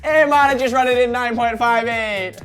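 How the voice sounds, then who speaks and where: A man's voice: very high voice, normal speed, music in the background, voice pushed up. A man putting on a boastful Jamaican sprinter impression in a joking quiz round. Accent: Jamaican, put on. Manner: brash, boastful. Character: Jamaican male sprinter boasting, laid-back swagger.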